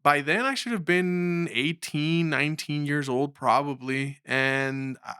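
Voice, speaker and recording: A man's voice: on the high side, measured pace, smooth, no echo, clean studio sound. A young man from Mexico, a filmmaker guest on an interview podcast, telling his life story with energy and acting out the voices of the people in it. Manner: animated storyteller, acts out quoted dialogue.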